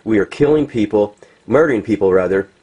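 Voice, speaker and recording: A man's voice: on the low side, animated, fairly quick, a little mellow, breathy edge. A man from the United States ranting in unscripted commentary, agitated, with many restarts and fillers. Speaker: vlogger. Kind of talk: unscripted commentary over pictures.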